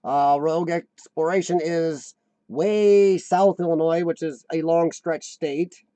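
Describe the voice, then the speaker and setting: A man hosting a casual live chat, rambling and answering viewers, his voice a little rough from lung trouble. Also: on the high side, takes it slowly, warm tone, no echo. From United States. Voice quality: slightly rough voice from lung problems. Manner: rambling, chatty, laughs often, answers viewers by name. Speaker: livestream host.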